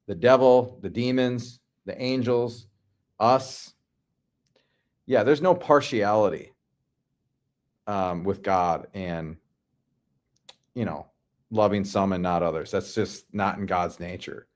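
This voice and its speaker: A man from the Midwest hosting a casual livestream, reading out chat comments and answering in a laid-back, slangy way. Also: on the low side.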